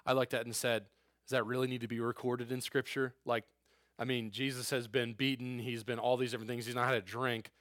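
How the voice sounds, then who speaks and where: A man's voice: medium pitch, flat delivery, fairly quick, a bit bright, no echo, clean studio sound. A man preaching a conversational sermon as a pastor, earnest and emphatic with informal asides.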